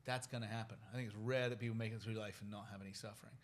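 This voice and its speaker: A British man in his forties, a podcast guest speaking in an earnest, soft-spoken and reflective way. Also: fairly low pitch, steady tone, racing. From United Kingdom. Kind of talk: reflective interview conversation.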